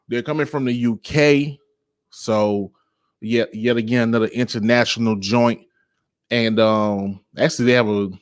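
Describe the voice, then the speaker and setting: A man's voice: medium pitch, no echo, studio quality. A man hosting his own podcast, talking in a laid-back, rambling way, full of slang and filler phrases. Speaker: podcast host. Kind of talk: casual podcast monologue.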